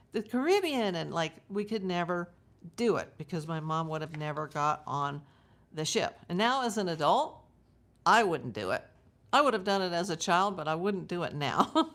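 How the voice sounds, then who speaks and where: A woman from the United States hosts a live true crime stream in a relaxed, conversational way. Her voice sits fairly low, and she drifts into side stories while speaking directly to her viewers. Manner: chatty and digressive, talking to her viewers. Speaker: true crime livestream host. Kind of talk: live casual commentary.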